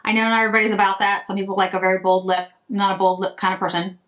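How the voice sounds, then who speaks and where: A woman's voice: mid-range voice, flat delivery, rapid-fire, a bit bright. Chatty woman rambling through a makeup try-on. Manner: chatty, rambling, self-interrupting. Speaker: beauty vlogger. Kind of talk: casual makeup chat to camera.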